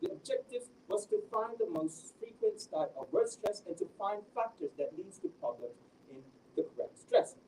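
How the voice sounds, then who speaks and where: A man's voice: high voice, normal speed. A young man gives an academic presentation of his research as a teacher trainee, often restarting his sentences. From Malaysia. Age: young adult. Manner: animated, with frequent restarts. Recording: distant mic with faint background noise.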